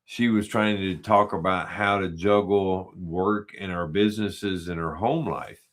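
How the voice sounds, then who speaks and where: A man talking casually as a podcast guest, telling stories in a relaxed way and voicing the lines he quotes. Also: low-pitched, measured pace. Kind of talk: casual conversation.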